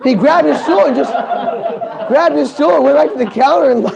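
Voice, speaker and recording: A man's voice: extremely high pitch, brisk, vocal fry. A man giving a live motivational talk on a conference stage, joking and asking the audience questions. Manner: animated, joking, asks the crowd questions. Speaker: motivational speaker.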